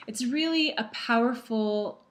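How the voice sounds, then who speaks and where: A woman's voice: on the high side, measured pace, fairly bright tone, a little hiss or hum. Earnest woman practitioner telling a story. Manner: earnest, storytelling with fillers and repeats. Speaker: emotional processing practitioner. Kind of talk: casual talk to camera.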